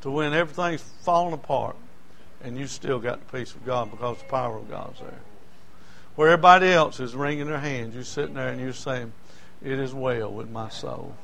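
A man preaching a sermon, telling folksy stories and swinging between loud declarations and hushed asides. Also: medium pitch, fairly quick, gravelly.

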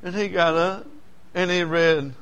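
A man's voice: sits high, steady tone, a little slow, fairly bright tone, clear, resonant tone. A man preaching a sermon, telling personal stories in a folksy way and building to emotional peaks.

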